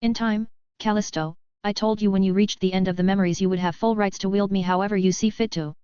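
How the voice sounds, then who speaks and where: A woman voicing an ancient talking sword spirit, calm and reassuring in a measured way, on slightly dull lo-fi audio. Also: mid-range voice, clear, resonant tone, dry recording, natural voice.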